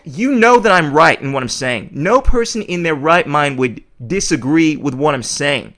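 Fairly high-voiced guy ranting on his podcast, swears a lot, real blunt. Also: sing-song, a little fast, fairly bright tone. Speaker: podcast host. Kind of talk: opinionated monologue.

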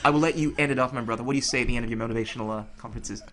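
A man's voice: mid-range voice, very fast, a bit bright. A man hosting a podcast interview, joking around, laughing often and calling his guest brother. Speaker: podcast host. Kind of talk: casual interview chat.

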